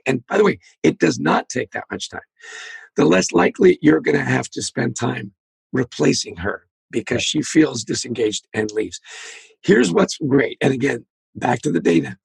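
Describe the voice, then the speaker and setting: A man speaking as an interview guest, telling animated stories and acting out the quoted dialogue. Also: on the high side, vocal fry, husky, no echo. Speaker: guest, leadership author. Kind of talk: storytelling interview talk.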